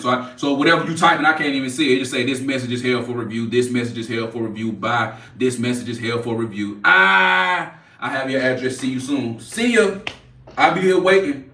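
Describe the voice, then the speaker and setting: A man's voice: mid-range voice, pushed and bright, distant mic. Brash man in his forties. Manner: brash, profane, mocking trolls. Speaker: livestream host. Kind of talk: casual livestream chat. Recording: echoey room, off-mic.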